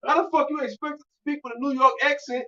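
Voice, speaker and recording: A man from Louisiana with a Louisiana accent, preaching loudly and profanely in a street teaching discussion, often shouting. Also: very high voice, fairly even intonation, fast talker. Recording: distant dull recording.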